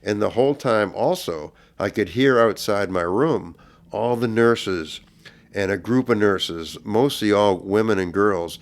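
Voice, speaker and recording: A middle-aged man, a podcast guest, earnestly retelling a personal story, his voice swelling louder at intense moments. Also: fairly low pitch, measured pace.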